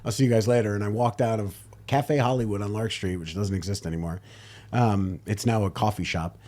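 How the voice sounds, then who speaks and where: A man's voice: fairly low pitch, normal speed, darkish tone. A male stand-up comedian chatting as a podcast guest, rambling through anecdotes with restarts. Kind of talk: casual chat.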